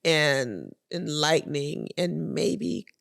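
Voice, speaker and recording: A woman's voice: low-pitched, expressive, slow, vocal fry, a little hiss or hum. A woman hosting a podcast, often agreeing with her guest and backing him up with short replies. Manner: affirming, chiming in often with agreement. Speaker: podcast host. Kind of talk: conversational podcast interview.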